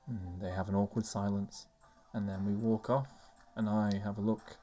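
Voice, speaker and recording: A man's voice: fairly low pitch, little pitch movement, normal speed, warm tone, dull audio, faint music behind. A man giving casual, chatty gameplay commentary as a let's-play host, self-mocking and wry.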